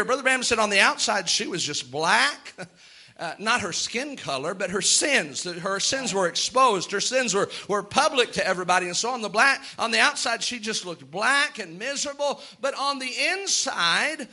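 A man's voice: high-pitched, expressive, moderate pace, pushed and bright. A man preaching a sermon with impassioned delivery, acting out the lines of Bible characters.

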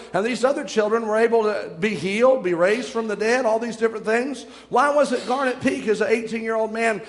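A man's voice: high voice, in a large hall. A young man preaching a sermon, retelling scripture stories with dramatic shifts in pace.

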